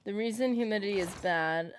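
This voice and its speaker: A woman's voice: mid-range voice, brisk, slight background noise. Chatty rambling woman streamer. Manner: rambling, chatty, many fillers, reads out chat comments. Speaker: streamer playing a game. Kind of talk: casual livestream chat.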